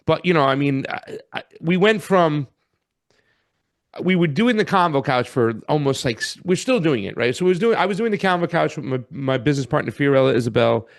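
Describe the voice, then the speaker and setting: A man's voice: on the high side, expressive, brisk, gravelly. A man in casual podcast chat who talks in a rambling, reflective way. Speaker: podcast co-host.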